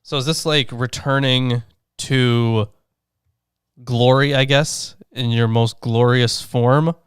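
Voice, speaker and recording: A man's voice: medium pitch, fairly even intonation, slow, smooth, dry recording, clean studio sound. A man co-hosting a casual podcast, reading scholarly commentary and cracking profane jokes. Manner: joking, profane asides, reads scholarly notes. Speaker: podcast co-host.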